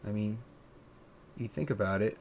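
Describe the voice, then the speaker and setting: A man from Pennsylvania with a drawn-out, slightly southern accent, musing in a casual live-stream chat, full of fillers and restarts. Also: on the low side, darkish tone, slight background noise. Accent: Pennsylvania, with a drawn-out southern drawl. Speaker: streamer and content creator.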